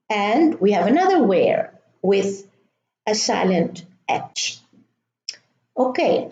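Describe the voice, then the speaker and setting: Very slow-speaking woman teaching pronunciation. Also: medium pitch, dark tone. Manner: reads out word lists slowly and deliberately, with fillers. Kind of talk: slow classroom-style pronunciation lesson. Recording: roomy, dull lo-fi recording.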